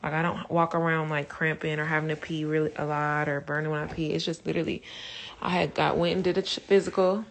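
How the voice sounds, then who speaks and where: A woman's voice: sits low, little pitch movement, fast talker. A young woman casually chatting to her viewers on a phone livestream, swearing freely and calling them y'all. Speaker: Instagram Live host.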